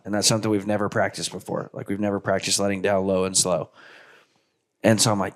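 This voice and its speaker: A man hosting a hunting show, retelling a hunt in a casual, animated way with lots of filler words. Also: sits low, fast talker. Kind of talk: casual storytelling with guests.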